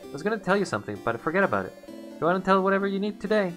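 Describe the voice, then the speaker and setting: Guy doing a high chirpy caring maid voice, chatty, soft music in the back. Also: big pitch swings, very fast. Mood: concerned. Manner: bright, chatty, concerned. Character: cheerful caring young housemaiden.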